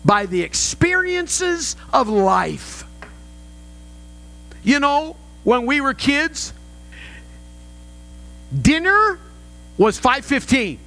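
A man's voice: very high voice, bright, forceful tone, rough recording. An older male pastor preaching a sermon, telling family stories with humor and rising emphasis. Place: church sanctuary.

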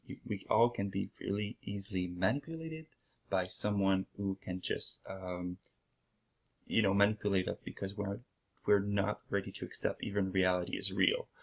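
A man speaking English with a French accent, his voice low and gravelly with plenty of vocal fry. He hosts his own channel in a casual, hesitant monologue, pausing on fillers and speeding up and slowing down as he explains. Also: fairly even intonation. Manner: hesitant, many fillers, uneven pace. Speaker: channel host.

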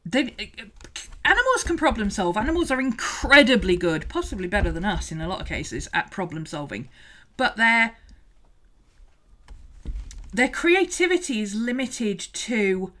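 A woman's voice: medium pitch, very animated, a little slow, a bit bright. A woman hosting a casual art livestream, chatting and greeting viewers, laughing often. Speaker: art teacher and livestream host.

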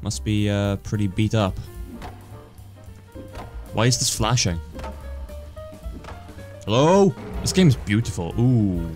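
A man's voice: on the low side, measured pace, long pauses, faint music behind. Swearing, joking gaming commentator man. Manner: joking, swears a lot, excitable reactions. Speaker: gaming YouTuber. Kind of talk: casual let's play commentary.

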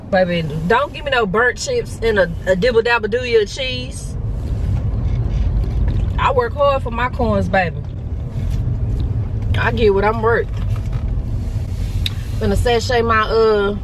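A young woman vlogging casually, talking to viewers in an animated, slangy, joking way, first from a car and then outdoors on a hill. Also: on the high side, takes it slowly, pauses often, slight background noise, rough recording.

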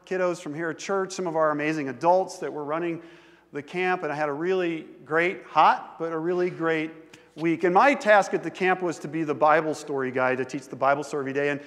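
A man preaching a sermon as pastor, in a conversational, animated way, drawing in the congregation. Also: a little high, brisk, long reverb tail. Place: large church sanctuary.

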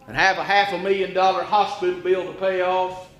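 A man preaches in a high, sharp, forceful voice that fills an echoey church auditorium. He hammers the room with rhetorical questions, drops to a hush, then climbs to near-shouting. A faint murmur of room ambience sits under him. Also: level tone, fairly quick, lo-fi sound, a little hiss or hum. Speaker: evangelist preacher. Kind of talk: sermon.

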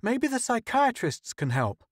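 A man's voice: sits high, animated, a little fast, fairly bright tone, no echo, clean studio sound, voice pushed up. A man voicing Joe, a startled, hopeful young woman on a spaceship crew in an audiobook story.

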